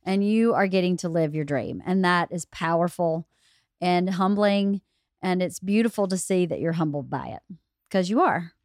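A woman co-hosting a casual podcast, warm and teasing, laughing often. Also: fairly low pitch, moderate pace, dry recording, studio quality. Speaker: podcast co-host.

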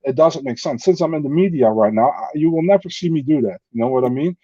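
A man's voice: fairly high pitch, lively intonation, fast talker, warm tone, husky, dry recording, lo-fi sound. A man from the Netherlands, a native Dutch speaker, talking bluntly as a podcast guest in casual chat, with non-native phrasing and swearing.

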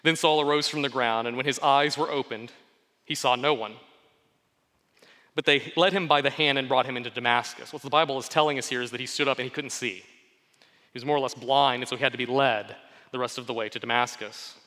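A man preaching an earnest sermon, reading scripture aloud and explaining it in a steady, pausing delivery. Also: mid-range voice. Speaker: pastor. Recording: long hall reverb.

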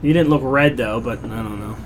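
A man's voice: mid-range voice, brisk, slight background noise. A man hosting a casual podcast chat, opinionated and rambling, often restarting his sentences. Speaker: podcast host.

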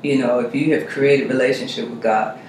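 A man, a reverend, talking through faith and health in a measured, reflective way. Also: medium pitch, fairly even intonation. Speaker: reverend, guest. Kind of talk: conversational discussion. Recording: very echoey room, faint noise.

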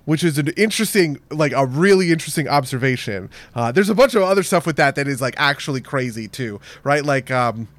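Chatty man with a fairly high voice. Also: no room sound. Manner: rambling, filler-heavy, keeps tagging "right?". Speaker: podcast co-host. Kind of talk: casual chat.

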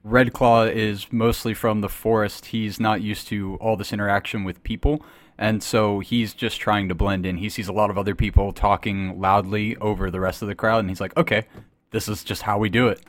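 A man's voice: fairly low pitch, little pitch movement, normal speed, no room sound. A man playing a tabletop game, casually explaining his character. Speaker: player.

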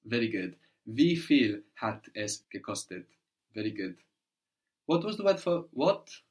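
A man's voice: fairly low pitch, sing-song, measured pace, a little mellow. Patient man teaching a language. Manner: patient, prompting, frequent "no?" checks. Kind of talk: one-on-one German lesson.

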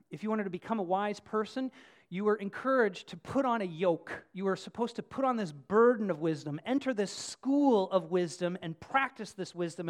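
A preacher giving a conversational sermon, casual and joking, chatting with the congregation and stressing key phrases. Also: mid-range voice.

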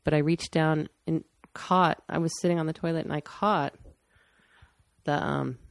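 A woman's voice: deep voice, steady tone, normal speed, creaky, no echo, studio quality. A woman telling a personal story candidly and matter-of-factly in casual conversation. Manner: candid, matter-of-fact, with restarts.

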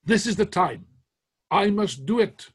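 A man booming as a furious puritan general. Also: expressive, breathy edge, exaggerated voice. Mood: thundering. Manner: booming, slow, scornful denunciation.

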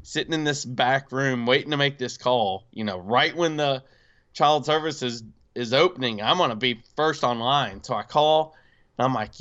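Guy with a smooth resonant voice spinning a wild story, lots of uhs and likes, bit of a dull lo-fi sound. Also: medium pitch, unhurried. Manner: animated, acts out quoted voices, frequent fillers. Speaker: podcast co-host telling a story. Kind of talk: casual storytelling.

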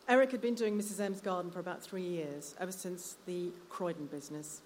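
A lower-pitched woman reads her story aloud, measured and unhurried. The reading echoes through a reverberant hall, with faint room ambience behind. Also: a little hiss or hum. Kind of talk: live literary reading. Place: live literary night venue.

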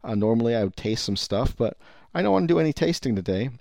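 A man's voice: medium pitch, animated, quick pace, gravelly, a little mellow, dry recording, studio quality. A man voicing a crude, blunt adult male shop customer who swears indignantly in a raised voice. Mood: annoyed. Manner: profane and indignant.

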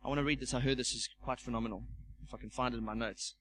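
A man preaching a sermon as pastor, animated, stumbling over repeated words and acting out the voices he quotes. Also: medium pitch, racing, slight background noise, rough recording. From South Africa.

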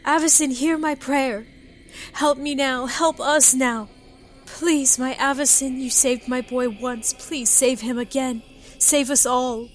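A woman's voice: sits high, steady tone, takes it slowly, faint music behind. A woman voicing a desperate young village mother in a fantasy audiobook, urgent and fervent as she pleads. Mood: pleading.

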